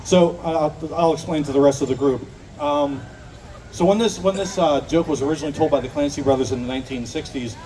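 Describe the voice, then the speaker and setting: A man with a Pittsburgh accent, a folk singer telling a joke and chatting with a festival crowd between songs, self-deprecating and relaxed. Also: fairly high pitch, far from the mic, slight background noise, poor audio. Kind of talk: live stage banter and joke telling. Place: outdoor festival stage.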